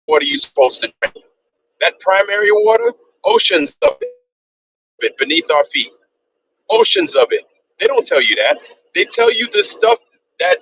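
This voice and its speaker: A man on a livestream, ranting heatedly and swearing a lot, circling back to the same points again and again. His voice sits high and bright and swings widely in pitch. A faint hiss of noise runs underneath. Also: sing-song, moderate pace, poor audio. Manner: heated, profane, repetitive ranting. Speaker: streamer.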